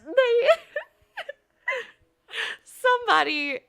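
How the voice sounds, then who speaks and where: A woman game streamer chatting casually on a live stream, animated, laughing often and using playful slang. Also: extremely high pitch, very slow, gravelly.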